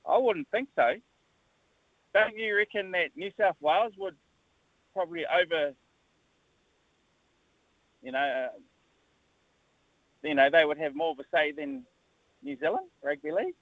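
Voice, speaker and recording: A man's voice: on the high side, very animated, measured pace, long pauses, no room sound. A man calling in to talkback radio, fired up and asking pointed questions. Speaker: caller. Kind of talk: phone-in call. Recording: tinny phone line, dry.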